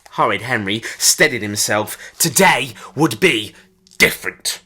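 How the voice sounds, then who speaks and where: A man reading a children's storybook aloud in an expressive, dramatic way. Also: lowish voice, slow pace. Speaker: storybook reader.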